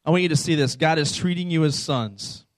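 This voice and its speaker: A man's voice: a little high, brisk, dry recording. Casual, chatty male preacher with a dry sound. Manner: conversational, informal, asks the audience questions. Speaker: preacher speaking to a youth camp audience. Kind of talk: sermon.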